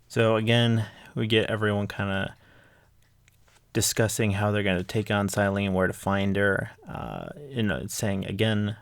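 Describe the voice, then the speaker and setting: Low gravelly man recapping casually. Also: unhurried, no echo. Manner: rambling, filler-heavy, enthusiastic. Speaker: manga chapter reviewer.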